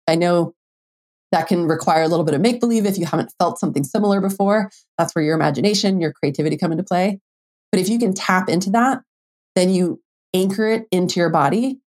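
On her solo podcast, a young adult woman who works as a dating coach talks in a slightly low voice. Her monologue is relaxed and chatty, packed with "like" and other fillers, with occasional mild swearing and playful quoted inner voices.

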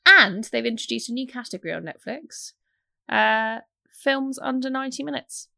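Bright, chatty woman. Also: fairly high pitch, normal speed, gravelly, dry recording, studio quality. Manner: chatty, enthusiastic, laughs often. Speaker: podcast co-host. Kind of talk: casual chat.

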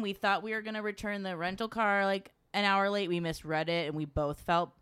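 Speaking a little fast in a smooth, mid-range voice, a woman tells a travel anecdote in relaxed chat. She's animated, swears freely, and acts out people's quotes.

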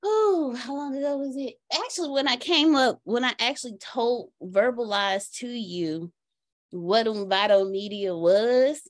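A woman's voice: a little high, measured pace, no room sound, studio quality. Laughing woman telling a story. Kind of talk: casual podcast conversation.

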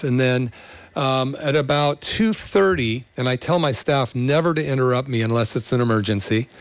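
A middle-aged man, a chiropractor, telling a patient story in an earnest, halting way with many fillers and restarts. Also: mid-range voice, no echo. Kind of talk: storytelling to an audience.

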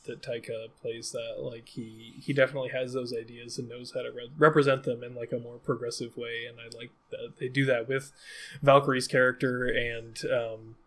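A man's voice: mid-range voice, flat delivery, normal speed, fairly bright tone. A man co-hosting a podcast, chatting casually about a film, laughing often and restarting his sentences. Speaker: podcast co-host. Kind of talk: casual film review chat.

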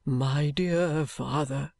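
Meek young son, soft pleading tone, slow and hesitant, dry close sound; a reader plays him. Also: medium pitch, creaky, no echo, pitched below the performer's own voice, exaggerated voice. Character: meek young man, dutiful submissive son. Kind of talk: audiobook character reading.

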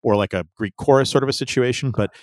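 A man's voice: mid-range voice, fast talker, a little mellow, no room sound, studio quality. A man in casual conversation about a book, asking questions and analyzing how the story is told. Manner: asks probing questions, analytical.

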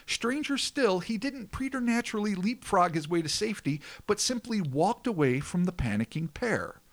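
A man's voice: sits high, expressive, moderate pace. A man hosting a podcast, reading a scripted history segment with dramatic flair between crude joking banter. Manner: dramatic narration with swearing banter.

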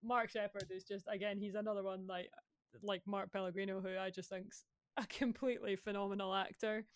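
A young Scottish woman chatting enthusiastically as a podcast guest, full of "like" fillers and quick laughs. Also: medium pitch, level tone, no echo, studio quality. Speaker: guest, musician and actor. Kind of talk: casual podcast chat.

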